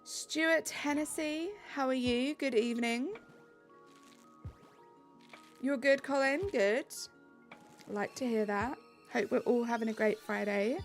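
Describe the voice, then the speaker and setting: Chatty young English streamer with gravelly voice. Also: female voice, a little high, takes it slowly, long pauses, faint music behind. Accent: Southeast English. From England. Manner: chatty, reads chat aloud, upbeat. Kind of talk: live-stream chat while gaming.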